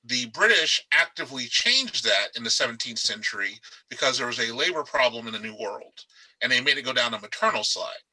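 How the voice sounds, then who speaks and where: A man speaking on an authors' panel over a video call. His voice is very bright and sharp, and his delivery is animated and emphatic. He rambles a little and restarts his sentences as he goes. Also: mid-range voice, a little fast, husky, low-quality recording. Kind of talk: casual panel discussion. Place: darkened room.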